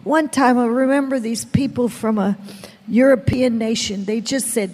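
High-voiced woman preacher, dramatic testimony. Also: unhurried. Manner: dramatic storytelling, acting out voices, shouting and whispering by turns. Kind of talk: testimony sermon. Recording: long hall reverb. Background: audience.

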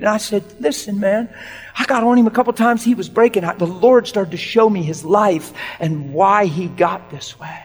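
A man with a high-sitting voice preaches a storytelling sermon at a fairly quick pace, his words ringing through a big room. He's animated, acting out the dialogue of the people in his story and laughing often.

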